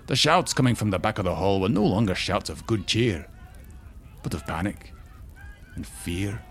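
Deep-voiced male fantasy story narrator. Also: lively intonation, normal speed, a little hiss or hum. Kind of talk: audiobook-style fantasy story reading.

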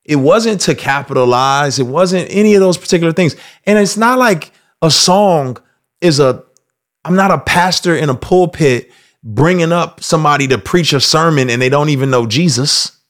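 A man hosting casual faith commentary, telling stories in an animated way and slipping into acted voices. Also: a little high, moderate pace. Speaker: host.

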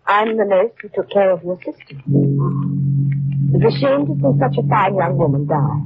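A woman's voice: fairly low pitch, expressive, measured pace, gravelly, slightly rough, faint music behind, heavily acted. An actress playing a falsely kind, sinister female nurse in a 1940s radio drama, sweetly reassuring with menace underneath. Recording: muffled old radio broadcast with faint hiss.

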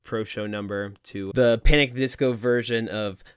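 A man's voice: fairly low pitch, steady tone, moderate pace, smooth, no room sound. A man co-hosting a podcast, quizzing his friend in casual chat, laughing easily and swearing now and then. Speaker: podcast co-host.

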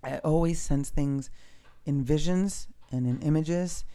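A man speaking in a soft, earnest, spiritual way in a reflective personal monologue, casually swearing now and then. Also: a little high, measured pace, smooth.

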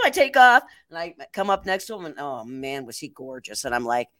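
A woman's voice: sits low, brisk, few pauses, no echo. An older woman co-hosting a casual chat show, telling a story with lots of laughter. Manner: animated storyteller, laughs often. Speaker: podcast co-host.

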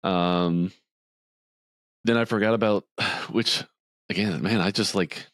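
A man's voice: steady tone, slow, a bit bright, no echo. A man casually recapping a film on a podcast, acting out the characters' lines in a raised voice. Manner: retells scenes, acting out quotes in a higher voice. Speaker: podcast co-host. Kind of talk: casual movie recap chat.

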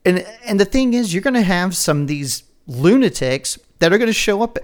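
A man's voice: sits high, very animated, normal speed. A man co-hosting a podcast in casual political chat, rambling and profane, often breaking into laughs. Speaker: podcast co-host.

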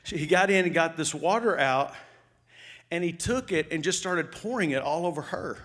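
Guy preaching, telling a wild story to the church, talks to them as y'all, kinda high voice. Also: moderate pace. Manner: animated storytelling, addresses the audience as y'all. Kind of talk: sermon storytelling to a congregation.

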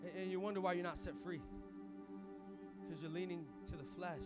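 Young pastor guy, high voice, slangy and hyped, music going behind him. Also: fairly quick. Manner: animated, swings from hushed to shouting, casual slang. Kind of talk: energetic sermon.

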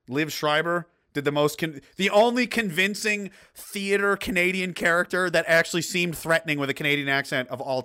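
A man's voice: mid-range voice, pushed and bright. A man hosting a casual chat, rambling, swearing and laughing as he talks. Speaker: host.

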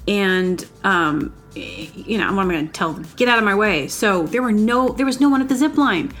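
A woman's voice: medium pitch, lively intonation, moderate pace, faint music behind. A woman telling a rambling personal story in a casual solo vlog, upbeat and giggly, with lots of "like" fillers. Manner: rambling, chatty, full of "like" fillers.

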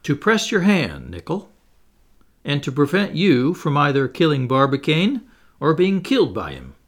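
A man voicing a bold, excitable adventurer. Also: a little high, a little slow, heavily acted. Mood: urgent.

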